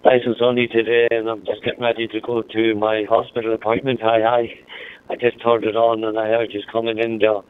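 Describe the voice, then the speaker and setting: A man's voice: on the low side, level tone, fairly quick, clear, resonant tone. An Irish man chatting over a mobile radio, friendly and repeating his call sign. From Ireland. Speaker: amateur radio operator. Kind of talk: casual radio contact chat. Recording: narrow-band two-way radio audio.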